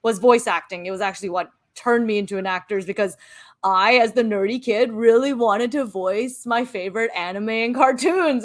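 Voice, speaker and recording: Woman in her 30s, former actor, slightly high pitch, candid casual talk. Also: normal speed. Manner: candid, animated, swears casually. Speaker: former actor and producer, panelist. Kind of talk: casual chat.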